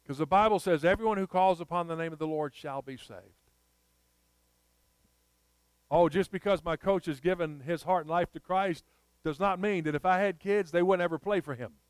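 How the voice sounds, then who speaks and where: A man's voice: high-pitched, moderate pace, smooth, dry recording. A man preaching a sermon, telling a personal story and rising to emphatic appeals.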